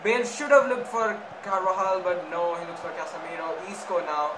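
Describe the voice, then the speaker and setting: Excitable high-voiced man commentating a game. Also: brisk, reverberant, noisy background. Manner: excitable, nervous, swings between muttering and shouting. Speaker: gaming YouTuber. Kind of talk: Let's Play commentary.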